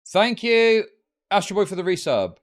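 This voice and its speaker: A man's voice: sits high, very animated, moderate pace. A man giving scornful, rambling commentary on a live stream.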